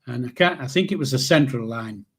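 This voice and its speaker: A man's voice: mid-range voice, fairly quick, breathy edge. A man in his seventies with a Yorkshire accent, casually telling a rambling personal story, swearing freely and restarting sentences. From Yorkshire, England. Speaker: channel host.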